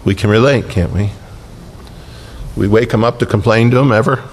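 A man's voice: lowish voice, normal speed, slight background noise. A man preaching a sermon as pastor, telling the story with humor and acting out the voices of the people in it.

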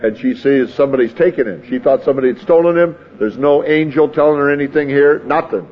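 Speaking quickly in a higher voice, this man preaches in a homespun style, reading from scripture and retelling the scene his own way while chuckling. The recording sounds dull.

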